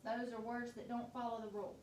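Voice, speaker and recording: A woman teacher leading a phonics dictation lesson, sounding out each word letter by letter in a slow, deliberate way. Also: on the high side, level tone, a little mellow, recorded from a distance. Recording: echoey room, voice off-mic, faint noise.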